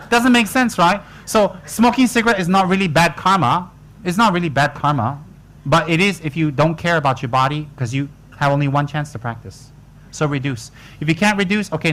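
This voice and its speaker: Man, Buddhist teacher, joking and teasing, rather high pitch. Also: animated, normal speed, a bit bright. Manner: joking, teasing, colloquial asides. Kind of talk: dharma talk to retreat students.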